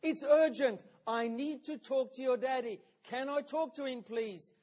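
Man playing an anxious boss, high voice, urgent repeated questions. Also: unhurried, a little mellow. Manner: urgent, pleading, insistent questions. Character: frustrated male company boss on the phone.

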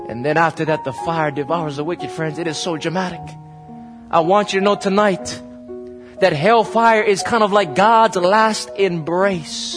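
A man's voice: high-pitched, moderate pace, over music. A man preaching a dramatic, emphatic sermon, often calling his listeners "friends.". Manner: emphatic and dramatic, repeatedly addresses the audience as "friends".

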